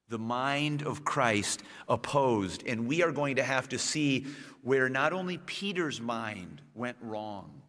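A man delivering a sermon, pausing on slowed, stressed phrases and climbing into emphatic bursts. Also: mid-range voice, sharp tone. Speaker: preacher. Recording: long reverb of a church hall.

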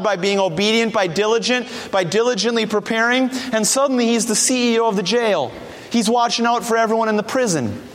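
A male preacher retelling a story in a sermon, dramatic and full of rhetorical questions to the congregation. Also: high-pitched. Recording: long hall reverb.

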